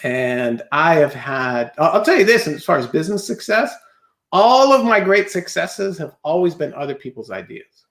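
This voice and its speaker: Man, high voice, roomy echo, animated storyteller, podcast guest, quick bursts, rhetorical questions. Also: creaky. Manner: animated storyteller who acts out his own past thoughts; fast bursts with rhetorical "right?" check-ins. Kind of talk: casual interview chat.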